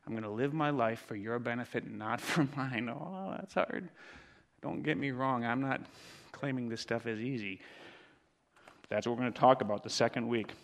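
A man preaching a sermon as pastor, swinging from quiet, intimate lines to loud, dramatic ones. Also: medium pitch. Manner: dramatic swings from hushed to shouting. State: out of breath.

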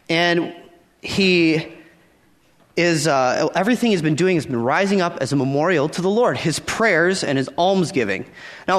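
A man's voice: fairly high pitch, a bit bright. A man preaching a conversational sermon, reading scripture aloud and acting out the dialogue in his own words. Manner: conversational, acts out the dialogue with repeated phrases. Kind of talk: sermon, Bible teaching.

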